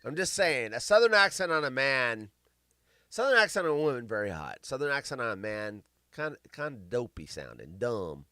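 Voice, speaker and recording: A show host with a sharp, sing-song, mid-range voice reads news stories aloud on a casual chat show at a moderate pace. He rambles, jokes, and stumbles over words as he reads, with no room sound present.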